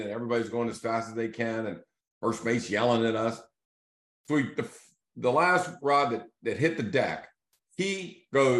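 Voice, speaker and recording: A man hosting a casual video series, telling a fishing story in a loose, animated way and acting out the voices of the people in it. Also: mid-range voice. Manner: animated storyteller who acts out quoted voices. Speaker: real estate team leader hosting a video series. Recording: echoey room.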